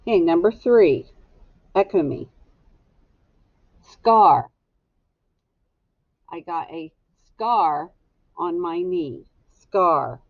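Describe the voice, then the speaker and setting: Slow, deliberate woman teacher dictating. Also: on the low side, dry recording, highs cut off. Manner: slow, deliberate, sounds words out syllable by syllable. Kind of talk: dictating a spelling test to young students.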